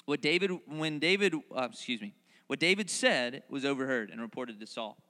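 A man preaching a sermon, reading scripture and then retelling it in animated, playful asides where he voices the characters. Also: mid-range voice, moderate pace, big-room sound. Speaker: pastor. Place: large hall, recorded outdoors in a parking lot.

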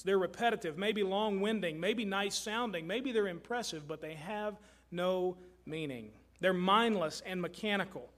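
A man's voice: high-pitched, fairly bright tone. A middle-aged man from Kentucky preaching a sermon as pastor, earnest and emphatic, often repeating his phrases for weight. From Kentucky, USA.

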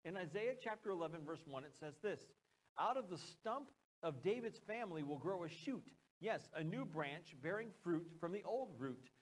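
Speaking at normal speed in a high, animated voice, an American pastor preaches a conversational sermon on a rough recording. He mixes in joking asides and questions directed at the congregation.

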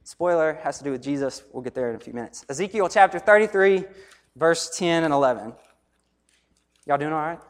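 A man's voice: on the high side, animated, a little fast, big-room sound. A man preaching a sermon as pastor, conversational, repeating his points and asking the crowd questions. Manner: conversational preaching with repeated phrases and asides to the audience.

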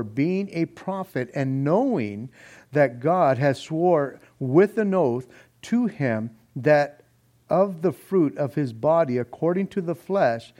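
A man's voice: mid-range voice, warm tone. A middle-aged man preaching an expository sermon, reading scripture aloud with earnest emphasis. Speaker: pastor.

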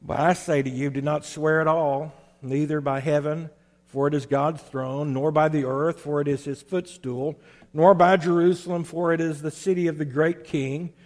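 Man preaching with measured emphasis. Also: a little high, level tone, darkish tone, big-room sound. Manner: measured, emphatic preaching with slow stressed phrases. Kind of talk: sermon.

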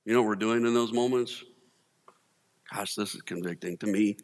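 A man's voice: lowish voice, moderate pace. Male pastor, chatty humorous sermon delivery, long hall reverb. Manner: humorous, conversational preaching with acted quotes.

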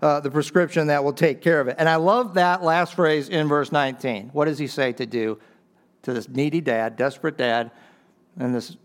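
Impassioned middle-aged male preacher. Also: moderate pace. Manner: impassioned, rising to emphatic peaks and dropping low for key points; chuckles between phrases. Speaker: pastor. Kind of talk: sermon.

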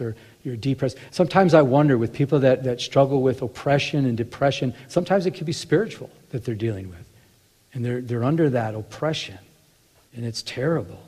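A man's voice: mid-range voice, warm tone, slightly rough, in a large hall. A man teaching from the Bible in a conversational sermon, often restarting and acting out little asides. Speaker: preacher.

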